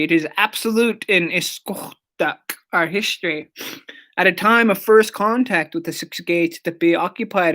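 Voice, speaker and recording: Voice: mid-range voice, a bit bright. A language teacher leading a lesson, saying each word several times and explaining how it is stressed, sometimes dropping to a whisper on a repeat. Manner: explains pronunciation patiently with short asides.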